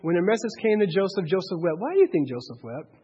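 A man leading a Bible study, talking in an animated way, with many restarts and rhetorical questions. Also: sits high, fast talker, husky. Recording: dull, echoey hall recording.

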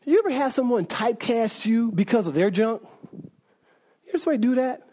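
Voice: medium pitch, fairly quick. A preacher giving an informal, conversational sermon who checks in with the audience often and restarts sentences a lot. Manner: animated, conversational, keeps asking the audience "right?"; frequent restarts and self-corrections.

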